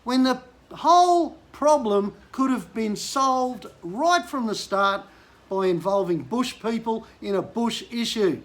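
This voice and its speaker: A man's voice: very high-pitched, slow pace. An older man from Queensland with an Australian accent, a bush mechanic venting frustration in a blunt political rant to camera. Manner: frustrated, blunt, rising to angry outbursts.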